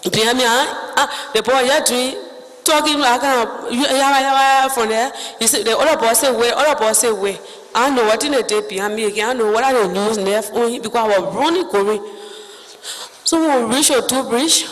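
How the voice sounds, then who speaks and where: A woman with a Liberian English accent giving spoken testimony in halting, broken phrases, acting out other people's words as she goes. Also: high voice, in a large hall, poor audio.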